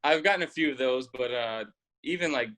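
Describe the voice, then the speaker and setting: A young man in his twenties, a football player chatting casually as an interview guest, relaxed and rambling with fillers. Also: mid-range voice, fairly quick, poor audio.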